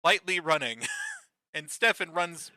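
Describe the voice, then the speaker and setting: Bright-voiced guy recapping a show. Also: sits high, huge pitch swings, no room sound. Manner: laughs often, swears, acts out lines in quick bursts. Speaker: podcast co-host. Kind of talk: casual chat recapping a TV episode.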